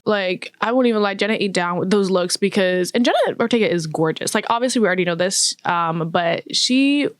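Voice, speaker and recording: A woman's voice: medium pitch, brisk, hardly any pauses, no room sound, clean studio sound. A woman vlogger giving casual, chatty film commentary, laughing often and using lots of fillers. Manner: chatty, laughing, filler-heavy with acted-out quotes.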